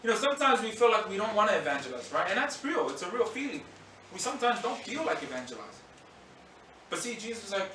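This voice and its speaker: Animated pastor. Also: male voice, high voice, fast, slight background noise. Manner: animated, acts out scenes and voices. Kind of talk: sermon. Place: church hall. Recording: echoey hall, mic at a distance.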